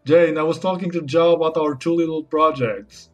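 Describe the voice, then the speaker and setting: A man's voice: on the high side, steady tone, moderate pace, highs cut off, soft background music. Chirpy man spouting office jargon. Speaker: sketch actor playing a corporate-speak husband. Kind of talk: comedy sketch acting.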